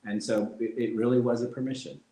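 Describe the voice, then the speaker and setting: A middle-aged man talks candidly as an interview guest. He speaks at an ordinary pitch, reflective one moment and lively the next, often laughing through his anecdotes. His voice rings in a roomy, echoing space. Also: fast. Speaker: guest, former fighter.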